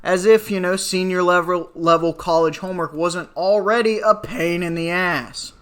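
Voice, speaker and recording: Bright-voiced exasperated young man ranting. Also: high voice, fairly even intonation, normal speed, smooth. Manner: exasperated, sarcastic, swears freely; rambling with fillers and asides. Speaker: vlogger. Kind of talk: casual rant to camera.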